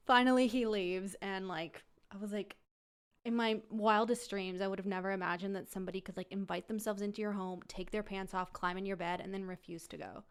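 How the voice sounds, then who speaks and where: A young woman casually telling a story on a podcast, laughing and acting out quotes loudly. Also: mid-range voice, fairly even intonation, a little fast, clean tone. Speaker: podcast guest and producer.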